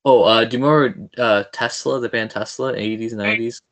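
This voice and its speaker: A man's voice: medium pitch, steady tone, a little fast, fairly bright tone. Eager young man hosting a podcast. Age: young adult. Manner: eager, fanboyish, stumbling restarts. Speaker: podcast host. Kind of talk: casual interview chat.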